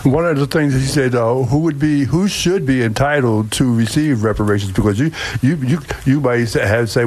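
A man hosting a talk show, framing questions haltingly with restarts. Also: medium pitch, a little mellow, husky, rough recording.

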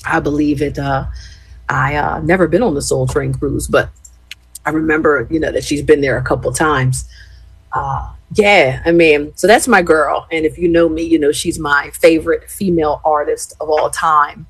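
Woman in her fifties, husky voice, lowish pitch, animated storyteller, casual live-stream chat. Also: moderate pace, dry recording, rough recording. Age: 50s.

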